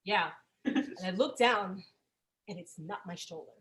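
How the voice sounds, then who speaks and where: A woman's voice: medium pitch, measured pace. A young woman comedian telling a wild, profane story on a video call, acting out the other people in it. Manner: brash, profane, animated, acts out voices. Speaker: stand-up comedian.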